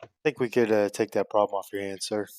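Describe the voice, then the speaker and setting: Man as deferential adventurer, hesitant, even tone, dry close sound. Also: lowish voice, fast talker, no echo, natural voice. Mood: polite.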